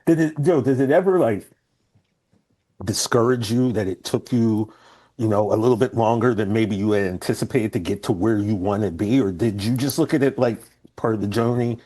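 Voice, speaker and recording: A man's voice: fairly low pitch, normal speed, mellow. A man co-hosting a show, asking a guest a long, easygoing question in casual conversation. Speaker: podcast co-host.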